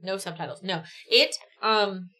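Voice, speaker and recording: A woman's voice: medium pitch, measured pace, pushed and bright. A woman reading a choose-your-own-adventure book on a livestream, with chatty, giggly asides. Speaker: livestream reader.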